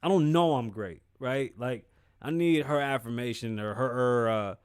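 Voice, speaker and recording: A man's voice: mid-range voice, moderate pace, smooth, dry recording, clean studio sound. Profane, candid man hosting solo. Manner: candid, profane, emphatic street slang. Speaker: podcast host. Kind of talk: casual solo commentary.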